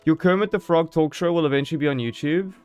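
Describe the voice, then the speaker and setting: A man's voice: fairly high pitch, quick pace, a little mellow, clean tone, faint music behind. A man streaming a game live, chatting casually and joking as he thinks aloud.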